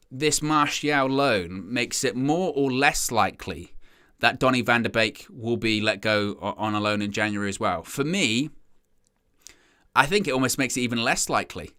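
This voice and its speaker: A man's voice: medium pitch, bright, forceful tone. A man hosting a football fan stream, chatting casually and rambling, reading viewer comments and acting out imagined fans. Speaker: fan channel host.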